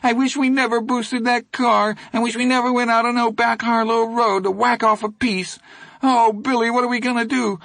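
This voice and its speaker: A man reading an audiobook, voicing a loud, reckless teenage boy who brays and taunts in a high voice. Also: little pitch movement, moderate pace, gravelly, no echo, exaggerated voice. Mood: mock whining. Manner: braying, taunting. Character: loud wild-eyed teen boy, reckless and jeering.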